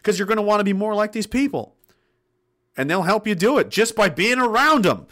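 A man's voice: high-pitched, expressive, a little fast, fairly bright tone. A man hosting a livestream, reading out chat comments and ranting bluntly with lots of swearing and laughs between points. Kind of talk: casual ranting livestream talk.

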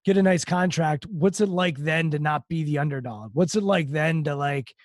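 A man's voice: on the high side, normal speed, no echo, studio quality. A man interviewing a guest, asking questions in a casual, thoughtful way.

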